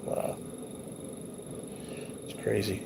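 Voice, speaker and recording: Over a noisy background, a male livestream host drags out his words as he casually reminisces about old photos in a loose, rambling, profane manner.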